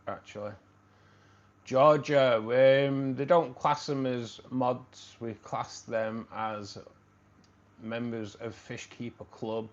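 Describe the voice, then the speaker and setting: A man with a Manchester accent hosting a casual live stream, rambling, repeating himself and calling everyone "mate". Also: lowish voice. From Manchester, England. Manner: rambling, repeats phrases, says "mate" a lot. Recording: dull lo-fi stream audio.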